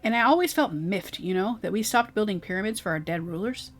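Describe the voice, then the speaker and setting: A woman's voice: medium pitch, animated, fairly quick, faint music behind, lightly acted. Woman doing a vain ghost queen, all grand and theatrical, game dialogue read out. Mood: grandiose. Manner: grand, self-important and theatrical. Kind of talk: reading game dialogue aloud.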